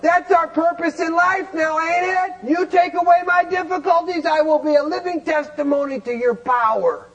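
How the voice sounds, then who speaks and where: A man speaking to a recovery group in an animated lecture, firing rhetorical questions and sometimes shouting. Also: extremely high pitch, normal speed, hardly any pauses, highs cut off.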